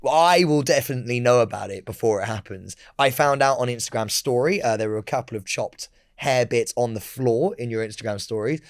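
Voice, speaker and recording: A man's voice: medium pitch, brisk, hardly any pauses, no echo, studio quality. A man co-hosting a podcast in casual chat, playful, teasing and sweary. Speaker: podcast co-host.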